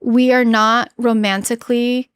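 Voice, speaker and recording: A woman's voice: fairly high pitch, little pitch movement, a little slow, smooth, no echo. Woman podcast guest, earnest storyteller, chatty with fillers and restarts, dry close sound. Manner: earnest, emotional recounting. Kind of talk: personal storytelling in an interview.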